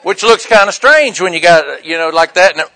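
An older man, preaching a sermon in a folksy, joking way, with loud bursts and quiet asides. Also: sits high, animated, a little fast. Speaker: pastor.

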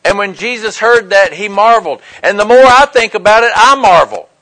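A man's voice: sits high, animated, brisk, bright, forceful tone, rough recording. A middle-aged man preaching a sermon, telling stories and acting out the quoted lines. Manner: storytelling with acted-out quotes.

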